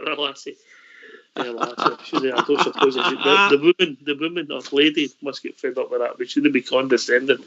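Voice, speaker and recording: A Scottish man hosts a phone-in show and chats easily with his callers. His voice sits a little high and the sound is dull and lo-fi. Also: a bit bright. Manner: chatty, conversational. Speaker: radio host. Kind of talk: phone-in chat.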